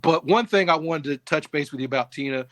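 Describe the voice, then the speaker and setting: A man's voice: on the high side, fast, fairly bright tone, dry recording. A middle-aged man co-hosting a casual sports chat, earnest, often restarting his sentences. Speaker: sports show co-host.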